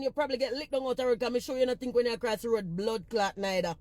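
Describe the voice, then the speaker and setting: A woman's voice: fairly high pitch, fairly even intonation, quick pace, hardly any pauses, darkish tone, no echo. A woman with a Jamaican accent ranting on a phone livestream, blunt and profane as she scolds her commenters. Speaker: social media personality.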